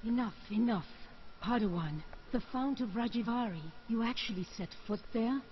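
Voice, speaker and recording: A woman's voice: fairly high pitch, normal speed, muffled recording, slight background noise, close to an everyday voice. An actress playing an eager, curious woman Jedi master in a video game.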